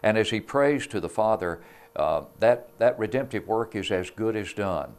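A man giving a devotional Bible lesson on a religious TV program, speaking in an earnest, measured way. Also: fairly low pitch, lively intonation, clear, resonant tone. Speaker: preacher. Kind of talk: devotional sermon.

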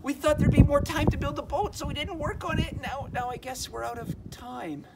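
A shy, sheepish beaver family from a children's storybook, apologetic and hesitant, as a man puts them on. The voice is pitched very high, with music playing behind. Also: moderate pace, vocal fry, far from the mic.

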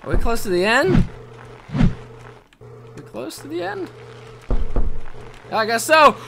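A young man doing excitable let's play commentary, yelping, shouting and swearing at game mishaps. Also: very high-pitched, slow pace, creaky, background noise. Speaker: gaming video host.

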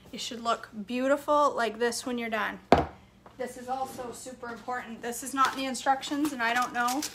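A woman's voice: fairly high pitch, very noisy. A woman hosting a casual live cooking chat in her home kitchen, laughing often and reading viewer comments aloud. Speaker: cooking vlog host.

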